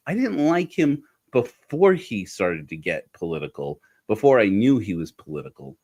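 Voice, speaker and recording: A middle-aged man delivers casual sermon-style commentary in a low voice that swings widely and animatedly in pitch. He rambles, corrects himself mid-thought and drops wry asides as he goes. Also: big pitch swings, fast talker, hardly any pauses. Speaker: podcast host.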